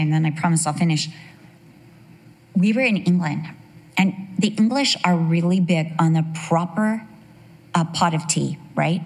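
A middle-aged woman giving a conversational sermon, telling chatty stories with asides and questions to her listeners. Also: fairly low pitch. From United States. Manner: chatty storytelling with frequent asides and rhetorical questions. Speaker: Bible teacher.

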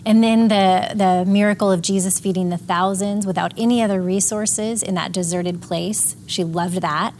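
Older lady leading bible study, earnest, slows down to stress things, bit of background hiss. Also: mid-range voice, steady tone, a little mellow. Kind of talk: casual group chat, reading shares aloud. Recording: faint background noise.

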